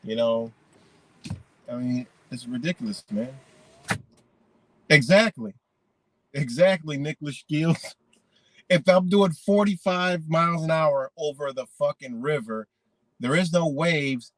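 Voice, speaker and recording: A man's voice: a little high, a little slow, long pauses, no room sound, low-quality recording. A man ranting indignantly in a profane, rambling monologue.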